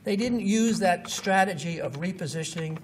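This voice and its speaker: A marketing lecturer gives an informal talk, going through examples with blunt, scoffing asides. His high, slightly rough voice moves at normal speed, picked up by a distant mic with faint noise.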